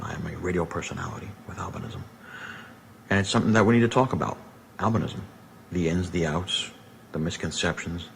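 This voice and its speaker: A man's voice: low-pitched, vocal fry, a little hiss or hum. A man in his thirties, a radio personality, talking earnestly and loosely in a casual video message, with many "um"s and "sort of"s. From Puerto Rican. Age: 30s.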